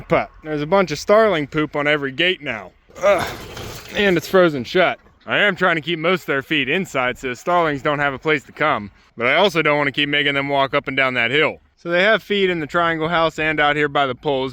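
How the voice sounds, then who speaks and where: A man's voice: a little high, brisk, clean tone. A man on a homestead talking casually and soothingly to his chickens and dog in the coop on a winter day. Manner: gentle, coaxing, soothing talk to animals. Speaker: homesteader vlogger.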